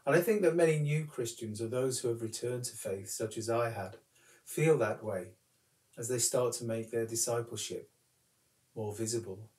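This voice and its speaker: A man who is a curate, giving a calm, reflective talk that tells a personal story. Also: mid-range voice, moderate pace, echoey room, recorded from a distance. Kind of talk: recorded sermon talk.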